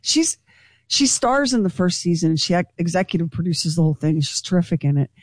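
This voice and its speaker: A woman's voice: fairly low pitch, no room sound, studio quality. A woman radio host chatting casually and gossiping with her co-hosts. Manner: gossipy and animated, quick asides.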